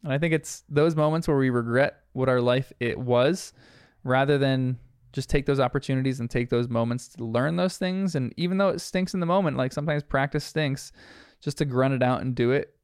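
A man's voice: mid-range voice, brisk, clear, resonant tone, no echo, studio quality. A young man giving a casual, chatty recap of a cartoon episode, reflective and full of fillers. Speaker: episode reviewer.

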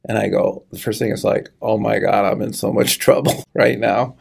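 Middle-aged male guest, earnest halting testimony, dark husky tone. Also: fairly low pitch, fairly even intonation. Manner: earnest, halting storytelling, choking up. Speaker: guest sharing a personal story. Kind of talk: conversational testimony.

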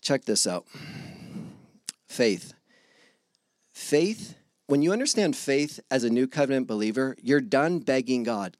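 Animated man preaching in a dry room. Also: medium pitch, measured pace, pauses often, dry recording. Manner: animated, acts out God and listeners in voices. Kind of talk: casual sermon.

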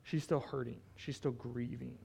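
A man preaching a conversational sermon, retelling a scripture story with animated asides and frequent "right?" check-ins. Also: medium pitch, moderate pace, vocal fry, husky. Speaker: pastor.

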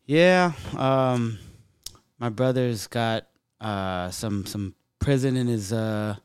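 A man's voice: mid-range voice, clear, resonant tone, no echo, clean studio sound. A man hosting a casual podcast chat, reacting briefly, laughing often and joking back. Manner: quick to laugh, short reactions, joking asides. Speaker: podcast host.

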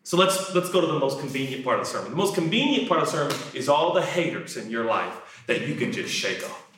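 A man preaching a sermon, animated, jumping from shouted lines to quiet asides. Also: medium pitch, fast, slight background noise. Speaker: pastor. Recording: echoey room.

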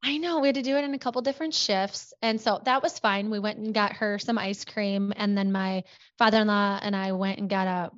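Animated woman guest, slightly dull audio. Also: medium pitch, no room sound. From Minnesota. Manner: animated, talks fast with many "like"s. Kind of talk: casual chat.

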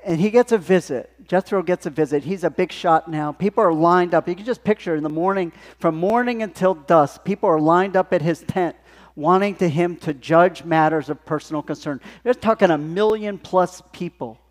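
A male pastor preaching a sermon in a conversational, animated storytelling manner. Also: high voice, moderate pace, big-room sound. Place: church sanctuary.

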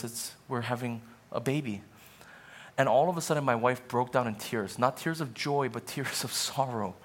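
A man in his thirties preaching a sermon in a church, shifting between soaring, emphatic passages and quiet, conversational asides. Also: medium pitch. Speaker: pastor. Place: church sanctuary.

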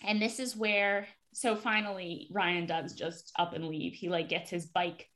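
A woman's voice: on the low side, flat delivery, measured pace, a bit bright. A woman casually recapping a TV episode for a podcast, chatty and full of fillers.

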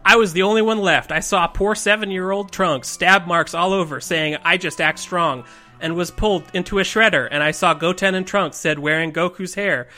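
A man's voice: high voice, normal speed, bright, forceful tone, soft background music. A man hosting a casual podcast, reading a rambling horror story aloud and breaking into laughter. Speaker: podcast host reading creepypastas.

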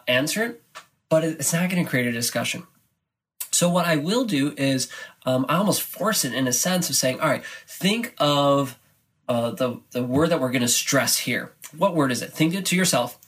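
A man who directs a choir, giving energetic podcast tips to other choir directors and acting out classroom moments as he goes. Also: mid-range voice, breathy edge.

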